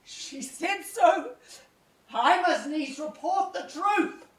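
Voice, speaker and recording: An actress playing a loyal, horrified maid in amateur stage acting, crying out in grief and accusation. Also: female voice, extremely high pitch, lively intonation, slow pace, heavily acted. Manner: cries out, sobbing and accusing. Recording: roomy echo from far off.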